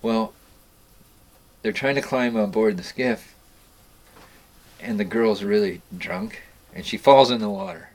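A man's voice: fairly low pitch, animated, unhurried, creaky, long pauses, a little mellow, poor audio. A man casually telling a story about a boat party, rambling with restarts and asides. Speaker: storyteller guest.

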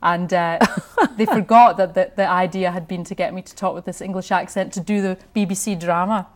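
A woman's voice: fairly low pitch, fairly even intonation, a little fast. A middle-aged Scottish woman, a radio host, chatting in an interview with frequent laughs and restarts. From Scotland. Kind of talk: conversational interview.

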